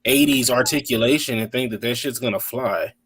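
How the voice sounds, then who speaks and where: A man's voice: mid-range voice, fairly quick, a bit bright. A man in casual chat as a podcast co-host, blunt and opinionated, swearing freely.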